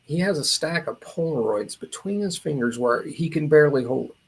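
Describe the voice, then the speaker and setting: A man's voice: on the high side, expressive, a little fast, breathy edge. A man in his fifties from Indiana, a drummer telling a story as a podcast guest, rambling with many fillers and restarts. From Indiana, USA. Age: 50s. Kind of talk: casual storytelling.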